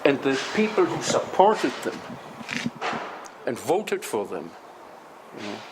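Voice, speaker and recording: A man's voice: mid-range voice, big pitch swings, slow pace, background noise. Older man with a Czech accent. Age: 70s. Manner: earnest, retells with quoted dialogue. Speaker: interviewee. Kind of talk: personal testimony.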